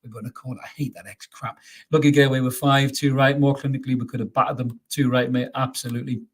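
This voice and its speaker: Man, fan channel host, live stream, quick chatty delivery, upbeat, reads comments aloud, repeats words when excited. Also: medium pitch. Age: adult father. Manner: chatty, upbeat, calls viewers mate. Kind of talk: live post-match stream reading viewer comments.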